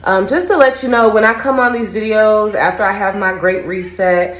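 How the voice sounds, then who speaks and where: A woman's voice: mid-range voice, normal speed. A woman recording a casual, candid vlog at home right after a run, chatting reflectively with plenty of fillers. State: just back from a run. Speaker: vlogger training for a first half marathon. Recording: echoey room.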